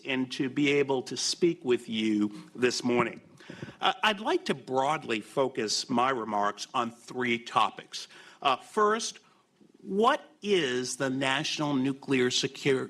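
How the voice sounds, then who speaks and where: Bright-voiced man giving a policy speech. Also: mid-range voice. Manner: lively, quips before formal remarks; reads quotations with rising emphasis. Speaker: keynote speaker. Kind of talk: prepared policy speech with jokes. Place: conference hall podium.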